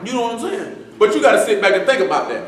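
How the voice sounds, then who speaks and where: A man's voice: high voice, very animated, rapid-fire, slight background noise. A man preaching a sermon in loose street slang, joking and quoting people. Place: church assembly hall. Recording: echoey hall from far off.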